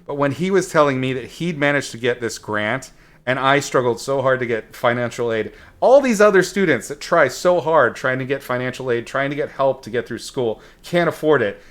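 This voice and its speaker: A man's voice: medium pitch, expressive, moderate pace, fairly bright tone. A man telling a story in a rambling, casual way while he paints, with many fillers and some blunt swearing. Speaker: painting instructor streaming a painting session.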